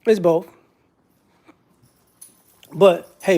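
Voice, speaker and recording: A man's voice: high-pitched, expressive, takes it slowly, long pauses, warm tone. A man giving a casual, rambling commentary monologue with frequent restarts and repetitions.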